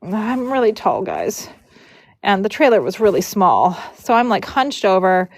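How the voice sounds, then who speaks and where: A woman's voice: medium pitch, big pitch swings, unhurried, dry recording. A woman from Michigan, a horse braider, chatting and telling a story casually on a livestream, retelling conversations with animation.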